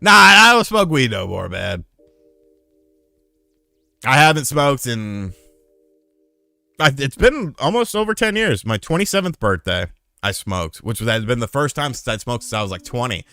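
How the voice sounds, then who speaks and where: Bright, lively, swearing streamer man. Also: medium pitch, measured pace, gravelly, pauses often, no room sound. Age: 30s. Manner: profane, rambling storytelling; shouts out new members. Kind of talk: casual livestream chat.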